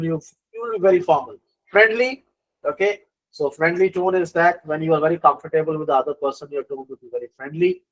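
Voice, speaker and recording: A middle-aged man teaching business communication in a live online lecture, animated, with many fillers and repeated phrases. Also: on the high side, a little fast, poor audio.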